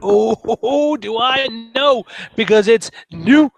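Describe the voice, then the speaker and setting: A man co-hosting a podcast, talking in an excitable, jokey way in casual chat. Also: extremely high pitch, slow, creaky, dry recording, rough recording. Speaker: podcast co-host.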